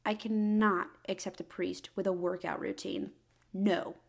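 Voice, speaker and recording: A young woman riffs through a comedic book review in a wry, exasperated voice that swings into mock drama. Her pitch sits in an ordinary middle range. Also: little pitch movement, a little slow, vocal fry.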